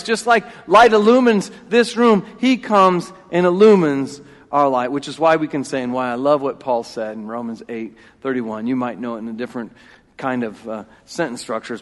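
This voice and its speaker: Emphatic preacher in an echoing church. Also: male voice, a little high, moderate pace. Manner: emphatic, repeats key phrases, swings between loud and hushed. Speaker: pastor. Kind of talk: sermon. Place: church sanctuary. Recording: long reverb of a church hall.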